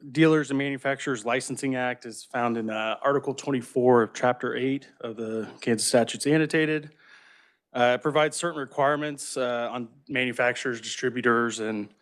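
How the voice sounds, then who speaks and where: A man serving as legislative revisor, giving a formal, methodical briefing on a bill into a table microphone in a committee room. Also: mid-range voice.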